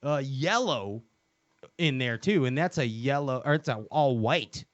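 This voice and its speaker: A man's voice: mid-range voice, lively intonation, a little slow, muffled recording. A man hosting a casual comedy show, rambling and joking with many fillers and restarts. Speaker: show host.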